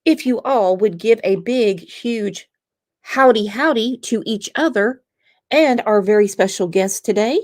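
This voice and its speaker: A woman's voice: medium pitch, unhurried, a little mellow. A woman with a Southern US accent hosting a casual livestream, teasing her guest and reading viewer comments aloud. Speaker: host.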